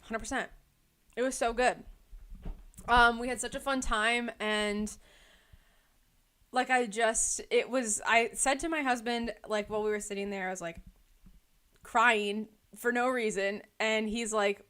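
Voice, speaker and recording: A chatty young woman co-hosting a casual podcast. Her voice sits a little high, and her talk runs loose and rambling, full of likes and ums. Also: fairly even intonation, unhurried, pauses often, a bit bright, clean tone. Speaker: podcast co-host. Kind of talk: casual chat.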